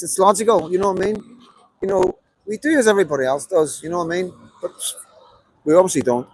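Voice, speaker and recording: A man's voice: a little high, dry recording, rough recording. A middle-aged man with a Belfast accent, streaming a rambling live monologue, emphatic and repetitive with many fillers. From Belfast, Northern Ireland. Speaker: livestreamer.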